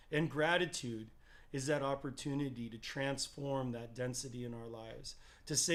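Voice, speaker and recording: A man who leads recreational drumming for wellness gives an earnest motivational talk. He speaks directly to his listeners, invites them to join in, and often pauses and restarts mid-phrase. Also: medium pitch, steady tone, a bit bright. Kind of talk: motivational talk to an online audience.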